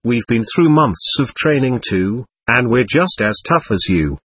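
A man reading the part of an earnest, determined young soldier who speaks in a steady, defiant voice, in an audiobook. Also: medium pitch, unhurried, slightly rough.

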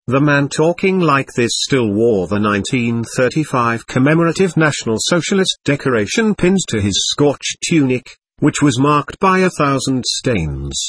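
A man reading a war memoir aloud in scripted audiobook narration, measured and somber. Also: medium pitch, breathy edge.

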